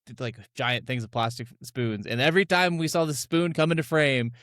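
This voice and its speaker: A man co-hosting a podcast in casual chat, telling stories with animated bursts and laughs. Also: medium pitch, fairly quick, no echo, studio quality. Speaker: podcast co-host.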